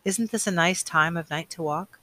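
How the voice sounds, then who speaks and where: A man reading the lines of a curious, dreamy teenage girl from a novel, in a soft, wondering way. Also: a little high, normal speed. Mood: musing.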